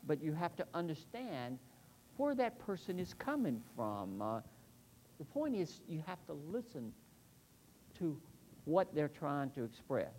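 A middle-aged man preaching a sermon in an earnest, emphatic way, slowing down to stress key points. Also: fairly high pitch, sing-song, a little mellow, slight background noise. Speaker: pastor.

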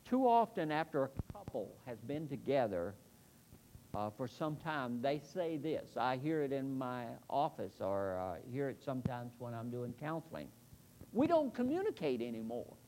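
A middle-aged man preaching a sermon in an earnest, emphatic way, slowing down to stress key points. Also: mid-range voice, expressive, a little mellow, slight background noise. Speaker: pastor.

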